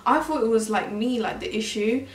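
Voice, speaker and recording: A woman's voice: fairly high pitch, normal speed, slight background noise. Young woman vlogger, earnest and talkative, recorded distant from the mic. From Mauritius. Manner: chatty, earnest, heavy use of "like". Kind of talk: candid personal story vlog. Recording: roomy sound, mic at a distance.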